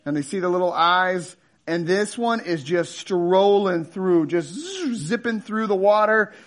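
High-voiced man preaching casually. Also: unhurried. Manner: casual, joking storyteller with animated asides. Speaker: pastor. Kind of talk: sermon.

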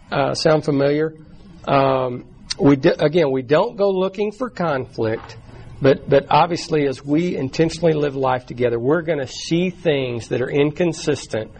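A man teaches a church small group in a relaxed, conversational way, repeating and restarting words as he goes. His voice sits at an ordinary middle pitch. The room is taped as it is, with a faint background hum. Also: low-quality recording. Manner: acts out quoted voices in short bursts.

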